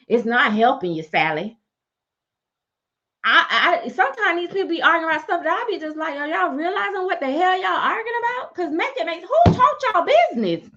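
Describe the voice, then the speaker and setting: Sassy doll-seller lady going off on a livestream, cussing, kinda high voice, muffled audio. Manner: sassy, animated ranting with frequent cussing. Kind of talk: livestream rant.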